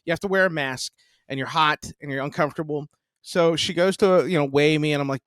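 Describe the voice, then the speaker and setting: A man's voice: on the high side, fairly quick, dry recording. A man around forty telling a story as a podcast co-host, swearing freely and often breaking into laughter. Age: 40s. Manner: profane, animated, laughs often. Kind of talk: casual storytelling chat.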